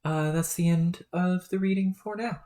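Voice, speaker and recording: Low-voiced woman reading on stream. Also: normal speed. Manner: relaxed, rambling, many fillers. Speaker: streamer reading a webcomic aloud. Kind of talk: casual read-aloud stream.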